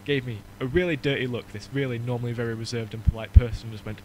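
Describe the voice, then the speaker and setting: A young man from Northern England, with the accent to match, hosts a podcast in a rambling, joking chat and is quick to mock. His voice is medium-pitched, steady and a little mellow. The audio is poor, with slight background noise.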